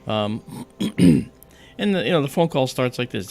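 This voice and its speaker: A man's voice: medium pitch, lively intonation, measured pace, a little mellow. A man hosting a livestream, telling a childhood story in casual chat and acting out the other people's voices as he goes. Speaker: livestream host.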